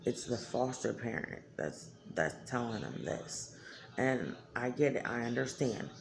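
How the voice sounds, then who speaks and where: A woman's voice: rumbling low, lively intonation, unhurried, creaky, noisy background. A woman talking candidly to her viewers in a blunt, emotional way, swearing freely. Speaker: vlogger. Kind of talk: candid talk to camera.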